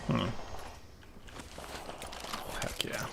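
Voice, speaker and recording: A man's voice: extremely slow, very noisy. Wry, chatty streamer man. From Canada. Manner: relaxed, chatty, wry, often laughing. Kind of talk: casual gameplay commentary.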